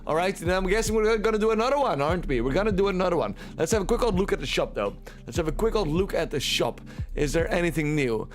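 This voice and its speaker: Dutch male streamer, casual playful commentary, high voice, light music bed. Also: animated, fast talker. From Netherlands. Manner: chatty, playful, repeats himself.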